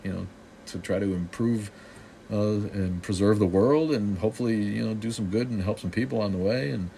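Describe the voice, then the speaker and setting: Deep-voiced snarky man hosting a stream. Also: fairly quick, creaky, dark tone, a little hiss or hum. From Boston. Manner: snarky, joking, loose with many restarts. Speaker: live stream host answering viewer comments. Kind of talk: casual live-stream Q&A.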